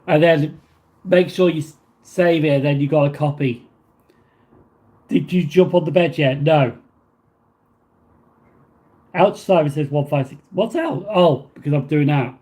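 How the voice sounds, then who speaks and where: A man with a high, dark-toned voice hosts a casual livestream, speaking a little slowly and pausing often. He reads viewer messages aloud, then replies in a rambling fashion full of fillers and restarts.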